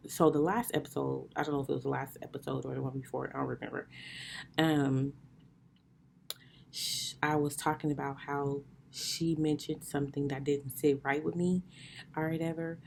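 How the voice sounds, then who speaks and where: Woman, low voice, podcast host, casual storytelling, animated, laughs a lot, calls listeners y'all. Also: moderate pace, vocal fry, a little hiss or hum.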